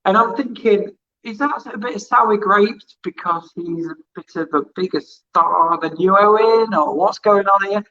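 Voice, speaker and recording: Bright-voiced man telling rambling anecdotes. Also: high voice, measured pace, few pauses, lo-fi sound, a little hiss or hum. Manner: rambling anecdotes, acts out quoted dialogue. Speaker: music interviewer and former hospital radio presenter. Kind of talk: casual interview storytelling.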